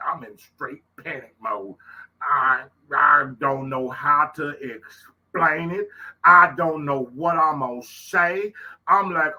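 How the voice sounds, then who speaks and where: A man's voice: fairly high pitch, expressive, measured pace, sharp tone, husky, low-quality recording. A middle-aged man with a Southern Louisiana accent tells stories in a casual monologue, folksy and emphatic, and he repeats his phrases. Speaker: host.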